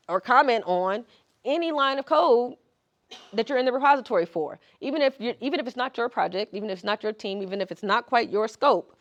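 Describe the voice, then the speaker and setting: A woman speaking as guest presenter at a tech meetup, talking casually and acting out questions in an animated way. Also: mid-range voice, dull audio. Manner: animated, conversational, acts out questions. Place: meetup room.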